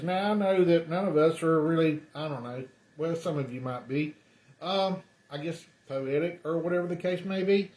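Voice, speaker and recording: A man's voice: fairly high pitch, normal speed, darkish tone. A man preaching a sermon, telling the story in a loose conversational way with lots of ums and uhs. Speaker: pastor. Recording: roomy echo.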